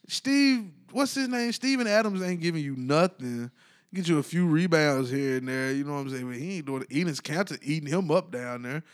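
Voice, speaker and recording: Man, slightly high-pitched, rambling casual sports talk, animated and colloquial. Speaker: basketball commentator.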